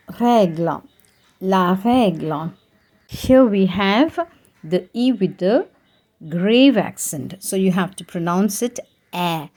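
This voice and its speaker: Slow, mellow-voiced woman teaching French. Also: fairly low pitch. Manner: drills each word twice with the article. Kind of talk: slow vocabulary pronunciation lesson.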